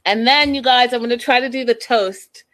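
A woman hosting a casual recap of a reality show, gossipy and animated, laughing at the scenes she retells. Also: a little high, normal speed. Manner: animated, gossipy, laughs at her own quotes. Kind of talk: casual chat.

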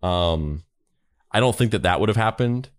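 A man's voice: lowish voice, animated, moderate pace, smooth, no room sound, studio quality. A man co-hosting a podcast in a rambling, casual discussion with frequent restarts. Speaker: podcast co-host.

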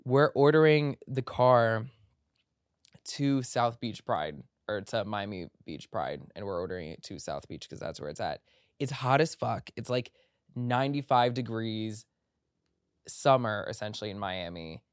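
Profane, animated male storyteller. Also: a little slow, clear, resonant tone, dry recording, clean studio sound. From Egyptian family background. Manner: animated, breaks into high mimicking voices when quoting people; profane, tangent-filled storytelling. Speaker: podcast host. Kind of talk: casual storytelling monologue.

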